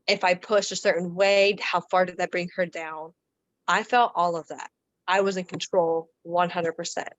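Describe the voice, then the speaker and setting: Relaxed chatty woman, dry lo-fi sound. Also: fairly low pitch, moderate pace, dry recording. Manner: relaxed, chatty, frequent fillers and restarts. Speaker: podcast guest. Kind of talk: casual conversational storytelling.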